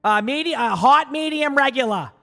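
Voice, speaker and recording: Guy doing a loud boston dude ordering coffee, high and drawn out, thick boston accent. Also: lively intonation, normal speed, vocal fry, soft background music, exaggerated voice. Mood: boisterous.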